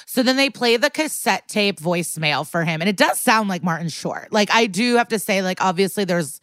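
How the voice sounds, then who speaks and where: A woman's voice: mid-range voice, lively intonation, moderate pace, fairly bright tone, no room sound, studio quality. A woman co-hosting a podcast, recapping a TV episode in a chatty, casual way, full of "like" and swearing freely. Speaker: podcast co-host.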